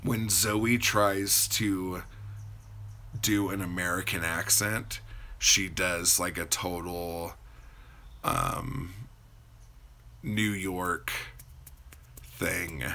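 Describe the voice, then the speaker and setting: A man with a very low, gravelly voice and a bright edge, talking slowly and loosely on a livestream. He rambles from story to story, answers viewers' chat and swears freely. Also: fairly even intonation. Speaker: livestream host.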